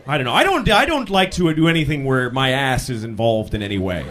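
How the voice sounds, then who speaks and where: A male comedian telling stories in a stand-up set, shouting out the lines of people he acts out. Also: mid-range voice, brisk, hardly any pauses, a faint crowd. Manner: animated storytelling, shouting acted-out quotes. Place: comedy stage. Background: audience laughter.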